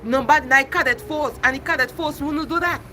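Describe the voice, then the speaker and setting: A woman's voice: high-pitched, brisk, bright, forceful tone, slight background noise. A middle-aged woman, ranting passionately on a phone livestream and repeating herself. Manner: impassioned, repetitive, addresses viewers by name. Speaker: livestream host.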